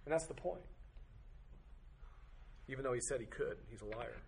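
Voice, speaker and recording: A man's voice: medium pitch, animated, normal speed, gravelly. A man teaching a Bible study class, firing off strings of rhetorical questions with occasional joking asides. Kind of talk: teaching to a group.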